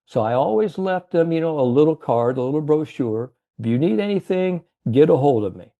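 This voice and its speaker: A man's voice: on the high side, animated, brisk, gravelly, phone-quality sound, voice pushed up. A man voicing a homespun eighty-six-year-old male door-to-door salesman with plainspoken pride. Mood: earnest.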